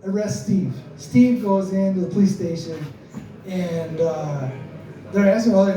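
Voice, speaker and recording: A man's voice: high voice, unhurried, dark tone, a little hiss or hum. A man telling a comic story to a live crowd, chatty and self-mocking, often laughing through his lines. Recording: echoey room, mic far off.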